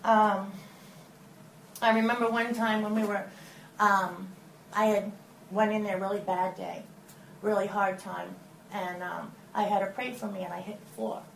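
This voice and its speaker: A woman giving a lively personal testimony at church, telling her story with acted-out quotes. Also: mid-range voice, unhurried, vocal fry, pauses often. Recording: echoey room with faint noise.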